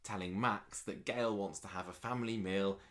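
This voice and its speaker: A man's voice: on the low side, fairly even intonation, normal speed, fairly bright tone. A man co-hosting a podcast, recapping a soap in casual, rambling chat with many ums and restarts. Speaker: podcast co-host.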